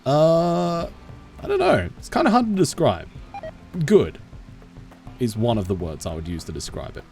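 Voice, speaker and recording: Lively Australian man chatting on stream. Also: medium pitch, measured pace, faint music behind. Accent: Australian, toned down. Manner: chatty, laughs often, answers chat. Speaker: game streamer. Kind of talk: casual live-stream chat.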